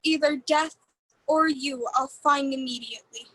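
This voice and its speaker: A woman playing the young maiden Hermia, delivering verse slowly and carefully in a community theatre reading. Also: sits high, a bit bright, no room sound, low-quality recording. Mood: frightened.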